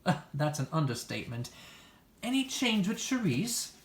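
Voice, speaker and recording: A smooth-talking, flirtatious man gushes in a low, theatrical voice, as a woman acts him. The hobby voice drama is recorded in an echoey room. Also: sing-song, moderate pace. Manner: theatrical, gushing.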